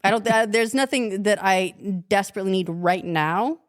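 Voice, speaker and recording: A woman's voice: medium pitch, moderate pace. A woman co-hosting a casual chat show, chatty and giggly, with hesitant fillers. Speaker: podcast co-host.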